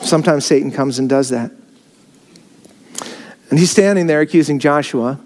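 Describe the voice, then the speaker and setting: A man's voice: on the high side, moderate pace, a little mellow, slight background noise. A man preaching a sermon, filmed on camera, rising in emphasis on key phrases. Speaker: pastor. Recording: long hall reverb.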